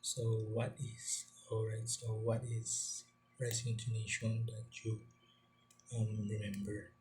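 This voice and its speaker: A male teacher giving a classroom lecture, halting and repeating words as he quizzes his students. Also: on the low side, monotone, a little mellow, slight background noise.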